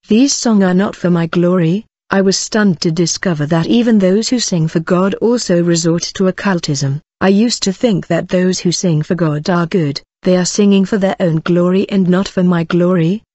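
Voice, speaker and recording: A woman recounting a religious testimony in an earnest, steady storytelling manner. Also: on the low side, no room sound. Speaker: testimony narrator. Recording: dull lo-fi dry recording.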